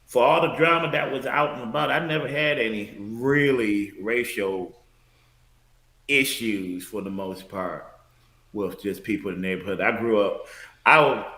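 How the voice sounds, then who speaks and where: A man from Detroit, a former bouncer, chatting as a podcast guest in a relaxed, storytelling way. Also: lowish voice, moderate pace. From Detroit, USA. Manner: relaxed, storytelling, laughs easily. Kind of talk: casual chat. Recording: echoey room.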